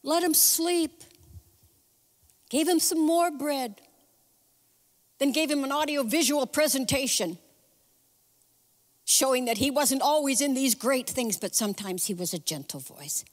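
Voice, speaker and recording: Lively woman preaching in a church. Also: high voice, a little slow, pauses often, big-room sound. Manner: lively, conversational storytelling with asides. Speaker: guest speaker. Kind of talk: sermon. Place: church sanctuary.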